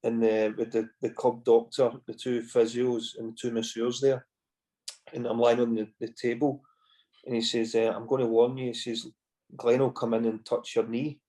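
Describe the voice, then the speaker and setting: A man's voice: mid-range voice, little pitch movement, normal speed, warm tone. A Scottish man in his forties, a former footballer guesting on a podcast, telling long casual stories full of "you know" asides. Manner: rambling anecdotes with frequent "you know" and swearing. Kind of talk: casual storytelling chat.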